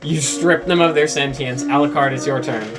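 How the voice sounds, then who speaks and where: A man's voice: fairly high pitch, steady tone, normal speed, music in the background. Man, game master, casual narration, lots of ums and likes, tabletop session. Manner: loose and casual, many fillers, laughs easily.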